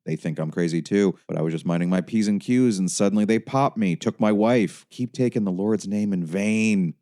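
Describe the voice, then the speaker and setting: A man's voice: lowish voice, normal speed, warm tone, pitched above the performer's own voice, natural voice. A man voicing an erratic, suspicious male patient who preaches about being saved. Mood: preachy. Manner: suspicious, snapping, leering.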